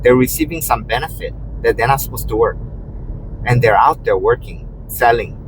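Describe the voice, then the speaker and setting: A man's voice: medium pitch, animated, moderate pace. A man who drives rideshare, chatting while driving, rambling with lots of "you know" and restarts. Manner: acts out quotes in a raised voice. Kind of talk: casual storytelling while driving. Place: inside a moving car. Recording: faint car road noise.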